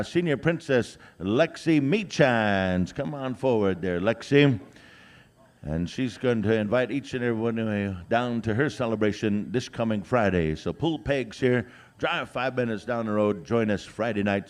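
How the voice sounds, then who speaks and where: At an outdoor powwow, a male emcee with a medium-pitched voice announces at normal speed, drawing out each name. His live announcing is full of "uh" fillers and joking asides.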